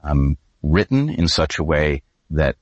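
A man with a very low voice speaks as an interview guest. He argues in a deliberate, grave, emphatic way. The sound is dry and close. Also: sing-song, dry recording, dull audio. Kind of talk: measured spoken argument.

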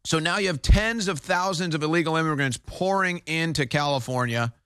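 A man's voice: fairly high pitch, a little fast, a bit bright, clear, resonant tone, no echo, clean studio sound. A man giving urgent political commentary on a talk show.

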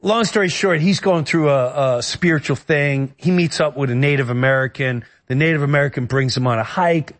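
Middle-aged guy from new york area, kinda high voice, telling an emotional story, keeps restarting his sentences. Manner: earnest, emotional, halting with many restarts. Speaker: guest. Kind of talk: personal storytelling in a conversation.

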